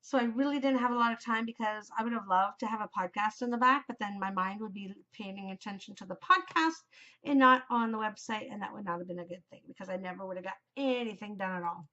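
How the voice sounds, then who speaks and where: A woman's voice: medium pitch, fast talker, sharp tone, lo-fi sound. A woman in her forties hosting a knitting podcast, chatting casually and gushing, rambling with lots of fillers. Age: 40s. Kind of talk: casual chat.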